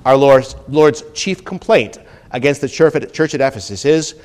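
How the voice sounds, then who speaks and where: A male pastor giving a teaching sermon, climbing much higher and louder when he reads quotations and dropping low and quiet on his asides. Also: moderate pace. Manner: teaching tone, rises sharply when quoting, drops low on asides. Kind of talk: expository sermon.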